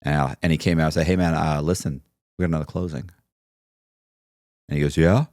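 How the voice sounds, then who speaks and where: A man's voice: very deep voice, steady tone, fairly quick, darkish tone, no echo, clean studio sound. A man telling a story in a casual interview, acting out both sides of the conversations he recounts. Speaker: podcast guest telling his story.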